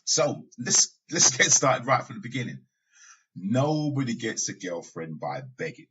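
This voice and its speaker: A man's voice: medium pitch, very animated, unhurried, fairly bright tone, a little hiss or hum. A man hosting a podcast, talking in a casual, conversational monologue with asides and occasional laughs. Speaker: podcast host. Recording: dull lo-fi sound.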